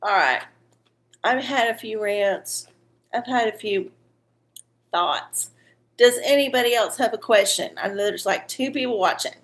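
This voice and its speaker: A woman's voice: medium pitch, animated, a little slow, pauses often, fairly bright tone. A woman hosting a livestream where she reads oracle cards. She chats bluntly and swears freely, a little teary-eyed. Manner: blunt, profane and chatty. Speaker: livestream host doing tarot-style readings. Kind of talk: casual livestream chat.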